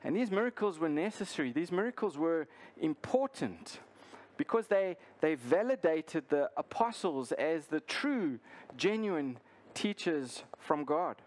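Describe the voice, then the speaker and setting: A man's voice: a little high, expressive, unhurried, darkish tone. Earnest man preaching a sermon. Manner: earnest, with frequent restarts and fillers. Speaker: pastor.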